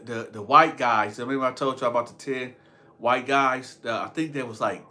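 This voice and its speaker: A man's voice: mid-range voice, sharp tone. A young man telling a rambling, slangy prison and street story to his viewers, often laughing at himself. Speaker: storytelling vlogger. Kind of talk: casual storytime monologue.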